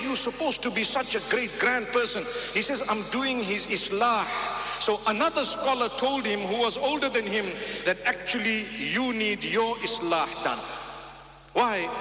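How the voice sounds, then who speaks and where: High-voiced man preaching in an echoing hall. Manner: emphatic, repeats key phrases, quotes Arabic. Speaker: Islamic preacher. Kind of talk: sermon. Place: large hall at a gathering. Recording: roomy hall, dull lo-fi broadcast sound.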